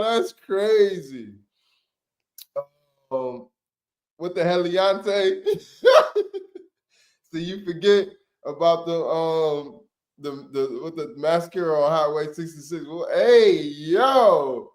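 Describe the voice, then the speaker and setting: A young man hosting a casual livestream, chatting with viewers in slang, swearing freely, laughing often and letting out loud yelps. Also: on the high side, lively intonation, slow pace. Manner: laid-back, laughs a lot, slangy and profane, breaks into loud yelps. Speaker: livestream host.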